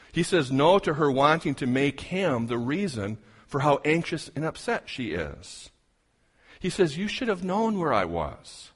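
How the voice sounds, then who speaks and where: A male pastor preaches a sermon in an earnest, expressive manner. His voice sits at a medium pitch, and he slows down for dramatic pauses while he retells the story. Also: breathy edge.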